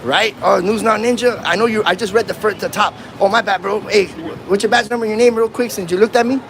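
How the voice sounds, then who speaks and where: Livestreaming from a handheld phone on a city street, a first amendment auditor taunts and provokes in loose slang, with an open-air outdoor sound. His voice is fairly high and a bit bright, his intonation fairly even, and he talks fast.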